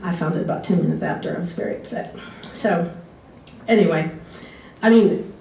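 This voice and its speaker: A woman's voice: on the low side, moderate pace, creaky, dark tone. A woman telling personal stories in a chatty way, wandering off on tangents and laughing often. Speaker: former exchange student telling stories. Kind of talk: casual storytelling talk. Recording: echoey room, distant mic, faint background hiss.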